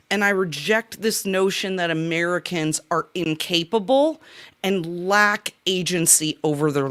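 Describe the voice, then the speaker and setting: A woman who is a journalist guest on a panel, speaking emphatically over a video call and pushing back on a premise. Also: medium pitch. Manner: emphatic, argumentative. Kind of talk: panel debate.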